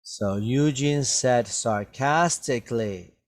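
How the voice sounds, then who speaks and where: A man teaching an English vocabulary lesson at a very slow, unhurried pace. His voice sits at an ordinary middle pitch, and he keeps stopping to ask "right?" and "okay?" so that each point lands before he moves on. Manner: slow, patient, checks understanding with "right?" and "okay?".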